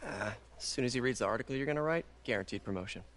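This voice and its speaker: A man's voice: medium pitch, lively intonation, rapid-fire, fairly bright tone, natural voice. A man playing an awkward young scientist. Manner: fumbling, hesitant.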